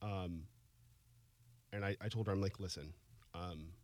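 A man in his forties shares a personal story in casual chat, softly and haltingly, with emotion close to the surface. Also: low voice, fairly even intonation. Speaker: guest.

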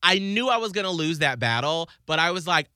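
Bright, crisp-voiced man chatting. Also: brisk, no room sound, clean studio sound. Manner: animated, laughs often, slips into high quoted voices. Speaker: podcast co-host. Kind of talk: casual chat.

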